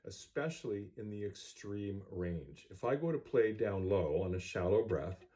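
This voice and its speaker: A man's voice: on the low side, lively intonation, normal speed, dark tone. A middle-aged man teaching a music class to students, recorded on a cell phone, speaking plainly and directly. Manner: plain-spoken, direct and instructive. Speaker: band teacher.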